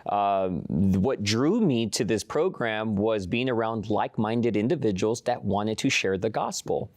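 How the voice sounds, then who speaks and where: A young man giving a personal testimony as a guest, telling his story with animated, acted-out quotes. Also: on the low side, unhurried, no room sound, clean studio sound. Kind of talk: personal testimony in a studio talk.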